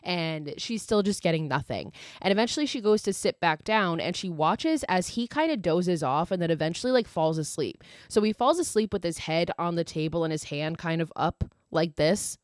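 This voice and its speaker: A woman's voice: on the low side, no echo, clean studio sound. A young woman hosting a podcast, recapping a horror movie in a chatty, swear-filled way with lots of "like". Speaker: podcast host.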